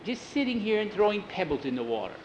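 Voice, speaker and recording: Skeeter, a man voicing a squeaky whiny ranch hand. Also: sing-song, quick pace, a little mellow, slight background noise, poor audio. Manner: squeaky, pleading, sulky. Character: excitable young male ranch hand, whiny.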